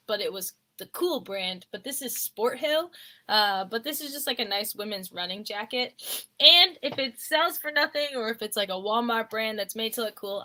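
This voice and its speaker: Young woman co-host, bright and a bit high, rambling live-stream chatter with frequent laughs. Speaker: co-host of a clothing resale channel. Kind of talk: casual live-stream haul chat.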